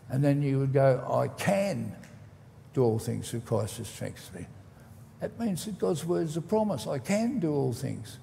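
Male pastor, gravelly voice, measured teaching sermon, church hall reverb. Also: medium pitch, warm tone. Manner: measured, teaching tone with deliberate emphasis.

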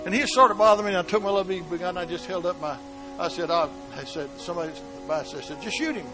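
A man preaching a sermon, moving between soft storytelling and shouted emphasis. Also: high-pitched, fast talker, over music.

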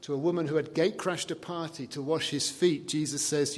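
A man preaching a sermon in a conversational way, dropping soft and low to quote scripture. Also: fairly even intonation, brisk. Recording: long reverb of a large hall.

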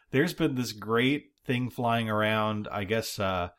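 A man co-hosts a gaming podcast in a casual chat, dropping wry, dry jokes between short agreements. His voice sits fairly low. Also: takes it slowly, a bit bright. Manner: wry, dry humor, many short backchannels. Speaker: podcast co-host.

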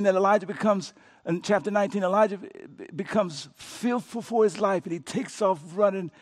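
High-voiced preacher swinging shout to whisper. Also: male voice. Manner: dramatic preaching, swings from loud shouts to hushed near-whispers; acts out biblical dialogue with colloquial flair. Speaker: pastor. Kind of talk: sermon.

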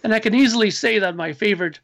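A man in his forties or older, a musician guest, telling animated stories in casual chat and acting out his own past lines. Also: high-pitched, quick pace, creaky, dry recording.

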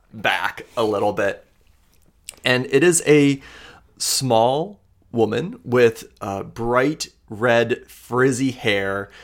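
Narrating a tabletop role-playing game as game master, a lowish-voiced man keeps things relaxed and casual, hesitating often.

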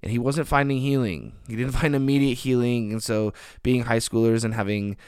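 A man's voice: mid-range voice, fairly quick, a little mellow, smooth, no echo, studio quality. A young man preaching a sermon, earnest and emphatic, building on repeated phrases.

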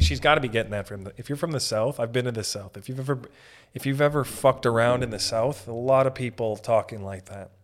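A man riffs alone on his podcast, swearing freely and restarting his sentences again and again. His voice sits in an ordinary middle pitch. He talks in a loose, joking ramble. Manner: rambling, profane, self-interrupting, mock voices. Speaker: podcast host. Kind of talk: casual rambling comedic monologue.

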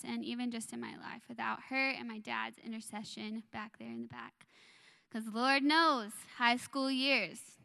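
A woman in her twenties sharing a personal testimony in church, soft and earnest, with frequent ums. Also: a little high, vocal fry. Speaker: worship leader sharing a testimony.

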